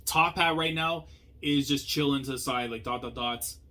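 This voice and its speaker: A young man hosting a manga reaction, talking casually in slang and swinging between low muttering and loud outbursts. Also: normal speed.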